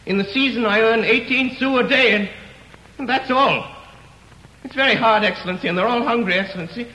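A man's voice: extremely high pitch, brisk, pushed and bright, reverberant, in a large hall, voice pushed up. A man playing a poor young peasant in an old radio drama, pleading and stammering before a court.

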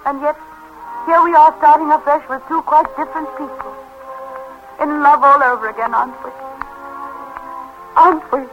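A woman's voice: high-pitched, steady tone, normal speed, long pauses, close to an everyday voice. An actress playing a passionate, impulsive woman in love in an old radio drama, speaking dramatically and pleadingly. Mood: wistful. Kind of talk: 1930s radio acting. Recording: dull lo-fi old radio recording with music.

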